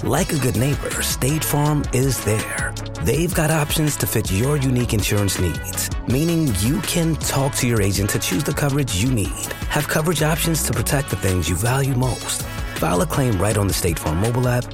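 Brief: man, animated announcer, scripted ad read, music bed. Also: medium pitch, normal speed.

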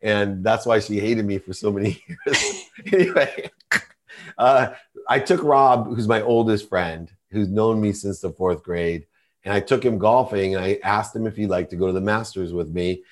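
A man's voice: on the low side, moderate pace. A middle-aged man, a podcast guest, telling a personal story in an earnest, confessional way.

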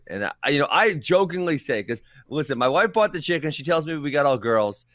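A male co-host spins loose, rambling stories, breaking into laughs and quick asides. His voice sits at a middling pitch and sounds close and dry. The whole delivery stays easygoing and chatty. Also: expressive, fairly bright tone, no echo. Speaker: podcast co-host. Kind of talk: casual storytelling chat.

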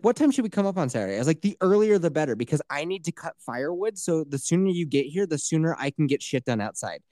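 A man telling stories in casual podcast chat, ranting in a profane, animated way. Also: a little high, dry recording, studio quality.

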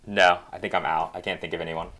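A man's voice: low-pitched, level tone, quick pace, crowd noise. A man co-hosting a podcast, sarcastic and hesitant when stuck on answers. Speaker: podcast co-host. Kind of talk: casual chat.

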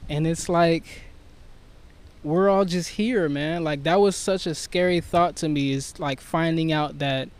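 A man in casual conversation, talking reflectively and softly about his own life and struggles. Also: fairly high pitch, fairly even intonation, measured pace, a little hiss or hum. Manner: reflective, soft-spoken, storytelling. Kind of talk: casual chat.

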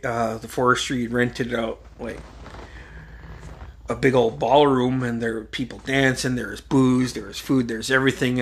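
Man, gravelly, mid pitch, casual chat, swearing, rambling anecdotes. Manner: profane, rambling, lively anecdotal delivery.

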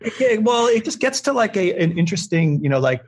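A man's voice: high voice, sing-song, brisk, husky. A man who is a creative director, talking as a podcast guest in a rambling way, full of filler words and swearing. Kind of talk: casual podcast conversation.

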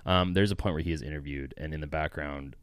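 A man co-hosting a casual political podcast. His voice is deep and smooth, and the room is dry. He speaks bluntly, with sarcasm and swearing. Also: fairly even intonation, fast, dry recording. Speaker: podcast co-host, the Wolf. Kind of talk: casual political commentary chat.

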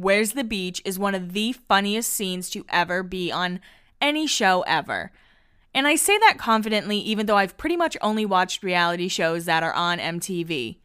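A woman's voice: medium pitch, clear, resonant tone. Chatty, foul-mouthed woman podcast host. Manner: chatty, swears freely, animated retellings. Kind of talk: casual podcast chat.

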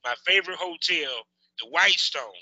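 Sharp-voiced, lively male interviewer. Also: fairly high pitch, normal speed, no room sound. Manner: profane, emphatic, slangy. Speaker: podcast interviewer. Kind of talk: casual interview chat. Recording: dull lo-fi audio.

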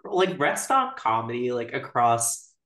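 A woman's voice: rumbling low, sing-song, unhurried, a bit bright. Woman cohosting a podcast, says like a lot, echoey room. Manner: chatty, leans on "like" as a filler. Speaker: podcast co-host. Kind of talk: casual chat.

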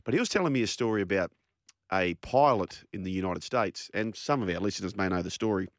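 Low-voiced man, teasing co-host. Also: lively intonation, no room sound, studio quality. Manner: teasing, quick to laugh. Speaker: radio co-host. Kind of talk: casual chat. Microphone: studio microphone.

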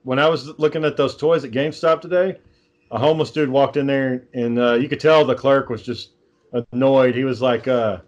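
A man's voice: medium pitch, steady tone, a little fast. A man in casual chat, telling long stories with many fillers and restarts.

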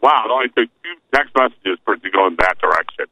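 A man's voice: lowish voice, animated, quick pace, pushed and bright, dry recording, low-quality recording. A man co-hosting a podcast in casual chat, playfully mimicking text messages in put-on voices. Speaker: podcast co-host, not a wrestling fan.

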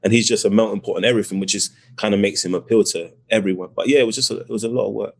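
Soft-spoken British man, low voice. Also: very fast, vocal fry, husky. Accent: British English. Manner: reflective, searching for words with restarts, bursts of excitement. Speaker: actor, guest. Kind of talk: casual interview talk.

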